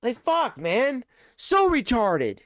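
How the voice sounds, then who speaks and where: Profane, rambling male streamer with a high voice. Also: huge pitch swings, slow, a bit bright, no room sound. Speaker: live streamer. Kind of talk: casual live-stream chat.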